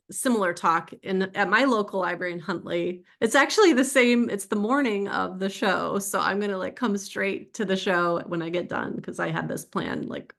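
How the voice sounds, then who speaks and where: A woman's voice: mid-range voice, creaky, fairly bright tone. A middle-aged woman author giving an informal, chatty talk about her book to an audience, digressive and emotional as she tells stories.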